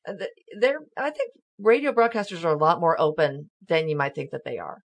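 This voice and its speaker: A woman's voice: deep voice, fairly quick. A woman from a radio station, a guest on a panel, talking in an easygoing, self-deprecating way and laughing often. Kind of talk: casual panel discussion.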